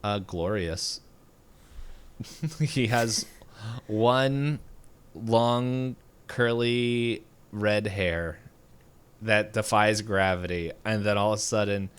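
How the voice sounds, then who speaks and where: Low-voiced man rambling on a podcast. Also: very slow, pauses often, clear, resonant tone. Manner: rambling, many fillers and restarts. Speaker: podcast co-host. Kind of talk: casual chat.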